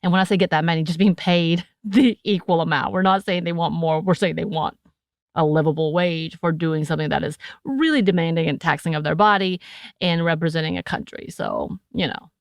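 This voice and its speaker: A woman's voice: fairly low pitch, steady tone, brisk, no room sound, clean studio sound. An American woman co-hosting a podcast, chatting casually with playful asides and frequent laughter. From United States. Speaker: podcast co-host.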